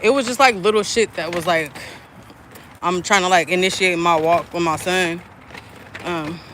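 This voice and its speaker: A woman's voice: lowish voice, normal speed, fairly bright tone, a little hiss or hum. A woman around thirty in a candid, rambling livestream chat, swearing freely and filling gaps with "like" and "um". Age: about 30. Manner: candid, profane, rambling with frequent fillers. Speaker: spiritual content creator and mother.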